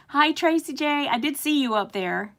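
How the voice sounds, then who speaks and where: A woman's voice: sits high, lively intonation, normal speed. A middle-aged woman from the United States hosting a casual live stream, chatting with viewers and reading their comments aloud, with frequent laughs and fillers. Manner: chatty, warm-hearted, laughs often, many fillers. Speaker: host reading live chat.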